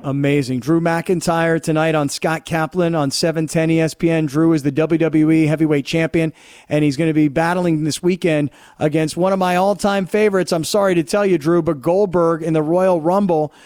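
A chatty sports radio host, a man with a high voice. He sounds eager and talkative, and his studio mic sounds dry and close. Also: steady tone, normal speed, darkish tone, dry recording. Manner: enthusiastic, chatty.

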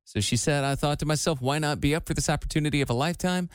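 A man's voice: on the high side, racing, clear, resonant tone, no room sound, studio quality. A man in his forties co-hosting a radio show in casual chat, laughing often and restarting his sentences.

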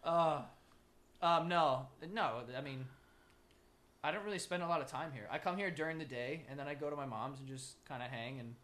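High, bright-voiced joking young man. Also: normal speed. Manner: loud, joking, crude, animated. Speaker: podcast co-host. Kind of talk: crude casual banter. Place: home room used as a makeshift studio.

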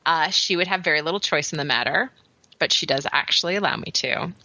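A chatty woman co-hosting a podcast, her voice bright and a little low. The sound is close and dry, with a slightly dull, lo-fi quality. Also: fairly quick, no room sound. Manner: chatty, laughing, lots of fillers. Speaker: podcast co-host. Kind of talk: casual chat.

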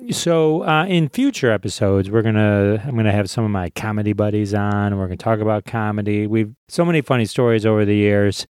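A man's voice: fairly low pitch, a little mellow, dry recording, clean studio sound. A man hosting his comedy podcast, talking casually and rambling with fillers and repeats. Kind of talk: casual solo podcast chat.

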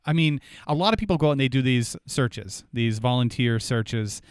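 Man, podcast co-host, mid-pitched, questioning and reflective, dry sound. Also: moderate pace, clean tone, no echo. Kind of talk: casual discussion.

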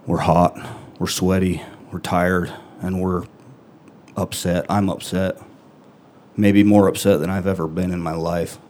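A middle-aged man telling a true first-person story on stage, earnest and halting, with long pauses between phrases. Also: deep voice, level tone, darkish tone, slight background noise.

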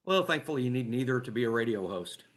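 A man's voice: mid-range voice, lively intonation, fast. A man co-hosting a casual sports podcast, rambling and correcting himself as he concedes a point. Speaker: podcast co-host.

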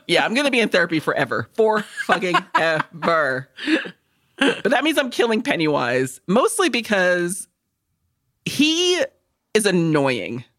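A woman's voice: on the low side, slow, long pauses. A woman co-hosting a podcast, chatting casually with crude, joking humor. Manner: profane, joking, animated. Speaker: podcast co-host. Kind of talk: casual comedic chat.

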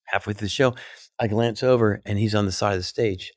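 Comedian guest, male, low register, lively storyteller who acts out quotes, dry close mic. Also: brisk, no echo. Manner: animated, acting out quoted voices. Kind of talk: storytelling in a podcast interview.

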